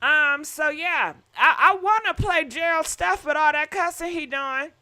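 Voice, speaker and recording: A woman hosting a gossip live stream in a loose, chatty way, talking straight to her viewers. Her voice sits high and has a bright, forward edge. She drops a curse word here and there as she goes. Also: unhurried. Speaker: gossip channel host. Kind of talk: casual live-stream commentary.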